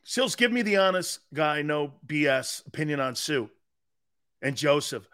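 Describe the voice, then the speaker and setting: Sports talk host, male, excitable and emphatic, bright sharp voice. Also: a little slow. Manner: excitable, emphatic, swings between shouting and low asides. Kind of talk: animated sports talk monologue.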